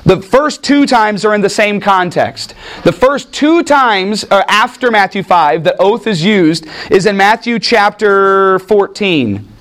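A man leads a Bible study sermon in a fairly high voice. He keeps it lively with jokes and quick questions thrown out to his listeners. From United States. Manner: animated, jokey asides, asks the room questions. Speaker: preacher teaching a Bible study. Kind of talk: teaching sermon with audience questions.

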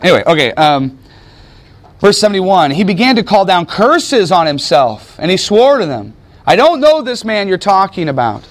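The pastor, an American man, keeps his sermon conversational, questioning his listeners and hunting for words out loud. His high, sing-song voice moves at a normal speed.

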